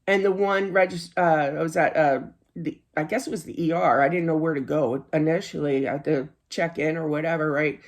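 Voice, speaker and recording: A middle-aged woman with a low, steady voice gives a casual tarot reading at a fairly quick pace. She's chatty and earnest, laughs easily, and often says "you know."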